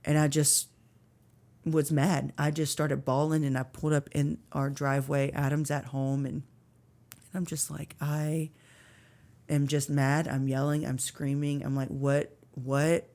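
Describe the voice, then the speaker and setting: A woman's voice: low voice, flat delivery, normal speed, warm tone. A woman in her thirties telling an earnest, emotional story of faith and struggle as a podcast guest, with many fillers. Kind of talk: personal faith testimony.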